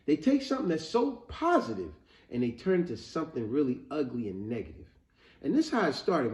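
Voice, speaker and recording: A man hosting an educational video, telling history in a casual, animated way and calling his viewers family. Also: on the high side. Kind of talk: casual spoken history lesson. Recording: roomy, slightly muffled home recording.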